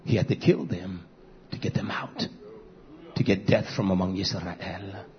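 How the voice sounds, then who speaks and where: A man preaching a fiery sermon as pastor, swinging between shouts and low murmurs. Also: a little slow. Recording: dull lo-fi recording.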